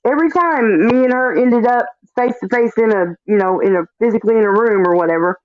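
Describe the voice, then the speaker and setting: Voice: medium pitch, fairly quick. Blunt cussing livestream guest, lo-fi. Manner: blunt, profane storytelling. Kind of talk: casual livestream chat. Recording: dull lo-fi stream audio.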